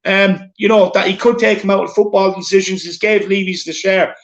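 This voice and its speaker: Chatty Irish man with a high voice. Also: flat delivery, a little fast, muffled recording. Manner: chatty, repeats himself, calls people "my man" and "lad". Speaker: show host reading super chats. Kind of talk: casual live-stream chat. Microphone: phone.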